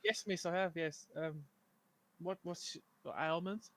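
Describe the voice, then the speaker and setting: A man's voice: fairly high pitch, measured pace, a bit bright, no echo, poor audio. A man voicing a ranger in a tabletop role-play, hesitant and full of fillers. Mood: earnest. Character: male ranger, earnest and hesitant.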